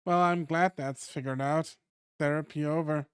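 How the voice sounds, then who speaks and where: A man voicing a gentle, protective adult male caretaker in a fighting league, speaking calmly and earnestly. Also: a little high, moderate pace, clean tone, dry recording, clean studio sound, natural voice. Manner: calm, soothing, earnest.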